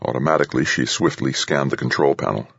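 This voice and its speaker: A man narrating an audiobook thriller in a steady, dramatic reading. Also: very deep voice, quick pace, gravelly, breathy edge, no room sound. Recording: dull, dry studio read.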